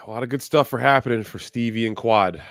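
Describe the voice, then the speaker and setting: A man's voice: medium pitch, moderate pace, dry recording. A man co-hosting a podcast in casual chat, making dry wisecracks. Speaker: podcast co-host.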